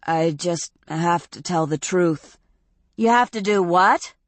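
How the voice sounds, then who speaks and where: Woman doing a calm teen boy, lower and soft, slow and plain. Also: no echo. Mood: earnest. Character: calm teenage boy, quiet and painfully honest.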